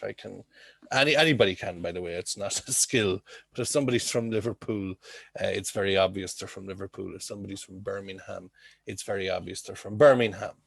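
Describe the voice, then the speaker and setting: A man's voice: lowish voice, creaky, husky, no room sound. A man teaching an English class over a video call, explaining with homely comparisons and checking in with frequent "okay?".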